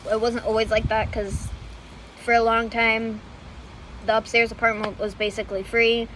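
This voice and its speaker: A woman's voice: fairly high pitch, flat delivery, normal speed, fairly bright tone, a little hiss or hum, poor audio. A woman vlogger telling history in a casual, hesitant way, with many fillers and self-corrections, often laughing at herself. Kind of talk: casual unscripted storytelling.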